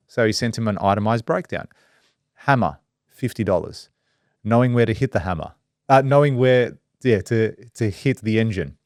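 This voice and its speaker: A man's voice: lowish voice, no room sound, studio quality. A man, hosting a casual podcast chat, telling stories with lots of swearing and acted-out quotes. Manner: animated storyteller, swears freely, acts out quotes. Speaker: podcast host.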